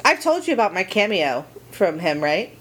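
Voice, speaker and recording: A woman's voice: on the low side, big pitch swings, normal speed, fairly bright tone, breathy edge. A woman co-hosting a podcast in casual chat, gushing and rambling as she tells a story. She restarts her sentences often while she talks. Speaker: podcast co-host.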